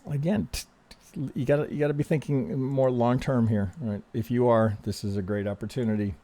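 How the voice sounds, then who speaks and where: A man hosting casual chart analysis, speaking in a calm, reassuring way, often restarting sentences and checking in with "right?". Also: mid-range voice, fairly quick. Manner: conversational, frequent restarts, ends thoughts with "right?". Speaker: trading analyst host.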